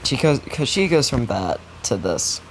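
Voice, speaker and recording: A man's voice: mid-range voice, measured pace, low-quality recording. A young man improvising a fan-fiction story in a rambling, profane, casual way, with many restarts. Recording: steady background noise.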